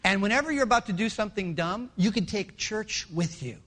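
Animated high-voiced male preacher. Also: a little fast. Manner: animated storytelling, jumps into voices. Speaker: pastor. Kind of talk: sermon.

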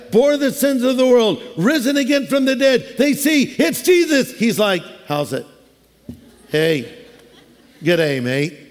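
A man preaching a sermon in a relaxed, conversational way, mixing scripture with humorous everyday asides. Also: very high voice. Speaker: pastor. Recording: long hall reverb.

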